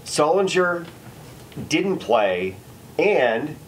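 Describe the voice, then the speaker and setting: A man co-hosting a casual sports debate, animated and argumentative, swearing freely as he makes his points. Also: fairly high pitch, drawn-out words, a little hiss or hum, low-quality recording. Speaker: sports debate show host.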